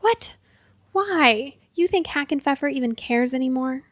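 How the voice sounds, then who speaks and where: Woman voicing a fiery, sharp-tongued magical girl. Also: high-pitched, animated, no echo, studio quality. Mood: heated. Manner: sharp-tongued, scolding, quick to yell. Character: fiery pointy-eared magical young woman.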